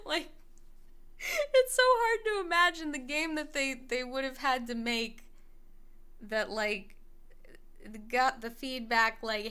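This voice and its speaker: A woman's voice: high voice, animated, unhurried, bright, forceful tone, clean tone. A young woman streaming a video game, rambling casually with many fillers, swearing and laughing. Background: faint music playlist.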